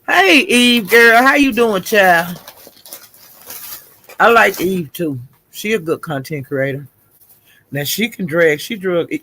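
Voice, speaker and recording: A man's voice: high voice, lively intonation, slow pace, pauses often, pushed and bright, slight background noise. A man hosting a casual livestream, gossiping and greeting viewers in the chat, calling them honey and child. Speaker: livestream host. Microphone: streaming setup.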